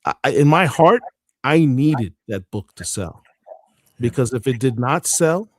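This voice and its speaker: A man's voice: mid-range voice, expressive, unhurried, no echo. Earnest man on a podcast, dry sound. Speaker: podcast co-host. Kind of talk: casual chat.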